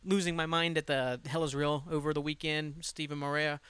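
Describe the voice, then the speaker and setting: Excitable swearing podcast host, crisp and dry. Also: male voice, fairly high pitch, brisk, no room sound. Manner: rambling, excitable, swears freely. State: tired. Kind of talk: casual solo podcast chat. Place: at home.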